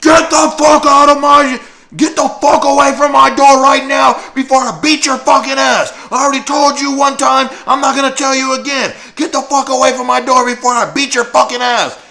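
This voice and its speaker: A man's voice: little pitch movement, moderate pace, gravelly, heavily acted. A man voicing a furious young woman who screams threats at her mother through a door. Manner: shrill yelling, threatening.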